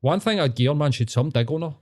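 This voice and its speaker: A man's voice: a little high, expressive, quick pace, a little mellow. A Scottish man hosting a podcast, telling rambling, sweary stories in casual chat. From Scotland. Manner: swears freely, rambling storytelling. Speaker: podcast host.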